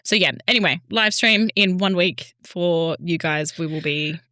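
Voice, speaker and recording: A woman co-hosting a podcast in casual, animated chat with quick asides. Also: lowish voice, no echo, clean studio sound. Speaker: podcast co-host.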